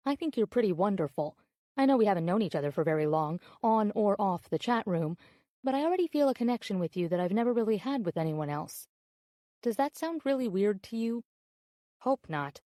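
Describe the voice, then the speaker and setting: A woman's voice: mid-range voice, warm tone, no echo, clean studio sound, close to an everyday voice. An actress playing a bubbly, flirtatious woman writing chatty love emails in an audiobook drama.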